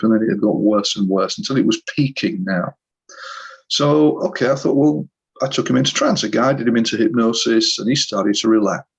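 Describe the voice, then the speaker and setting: A middle-aged man, a hypnotherapist guest, telling a story in conversation with animated re-enactments and frequent restarts over a video call. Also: mid-range voice, vocal fry, slightly rough, muffled recording.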